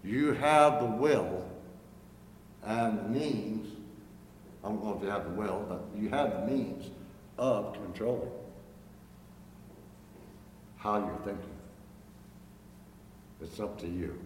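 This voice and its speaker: Male preacher, sermon, slow deliberate delivery, somewhat low voice, echoey church hall. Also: slight background noise. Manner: slow, earnest, rising to emphatic questions. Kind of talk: sermon with invitation. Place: church sanctuary. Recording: echoey hall, long reverb, faint ambience.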